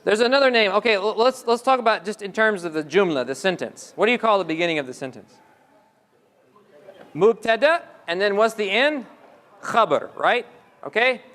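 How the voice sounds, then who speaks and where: Man, lecturer, high-pitched, asks the audience questions, long reverb. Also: lively intonation, moderate pace, a bit bright. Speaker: Islamic lecturer. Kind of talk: religious lecture. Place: mosque hall.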